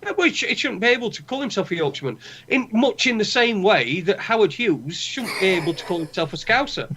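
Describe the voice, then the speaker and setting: A man's voice: high-pitched, very animated, quick pace, bright, forceful tone, a little hiss or hum. A man with a Northern English accent co-hosting a podcast, ranting with heavy swearing and strong opinions. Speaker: podcast co-host. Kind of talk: casual chat. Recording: dull lo-fi sound.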